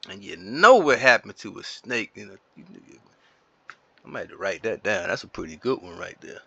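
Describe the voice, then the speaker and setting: A man's voice: fairly low pitch, expressive, normal speed, vocal fry, sharp tone, breathy edge, highs cut off. A man giving casual gameplay commentary as a YouTuber, playful and silly while trash-talking other players. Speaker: gaming YouTuber.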